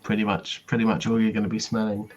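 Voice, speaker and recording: A man playing in a tabletop game, chatting in a slow, jokey way. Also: on the low side, level tone, darkish tone, dull audio, a little hiss or hum. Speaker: player. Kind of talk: tabletop role-play chat.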